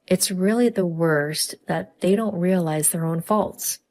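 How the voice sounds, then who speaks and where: A woman telling a first-person family drama story in scripted, even narration. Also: on the low side, measured pace, few pauses.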